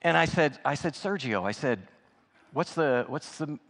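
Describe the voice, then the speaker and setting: Folksy preacher in a reverberant church. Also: male voice, a little high, expressive, a little slow, fairly bright tone. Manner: folksy, anecdotal, conversational with many restarts. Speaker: guest preacher. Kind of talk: sermon storytelling. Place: church sanctuary.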